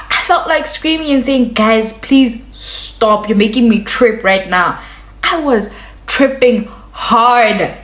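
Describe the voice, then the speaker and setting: A young woman tells a story on her vlog, talking casually and full of slang. Her voice is a little higher than most and leaps between bright loud peaks and murmured asides. The room around her echoes. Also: slow. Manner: animated, slangy, swings between loud highs and hushed lows. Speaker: vlogger.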